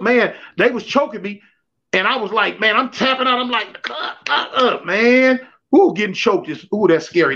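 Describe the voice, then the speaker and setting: A man telling prison stories in slangy, repetitive street talk on a livestream call. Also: high-pitched. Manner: slangy, repetitive, animated storytelling. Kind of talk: casual livestream storytelling. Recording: dull lo-fi livestream audio.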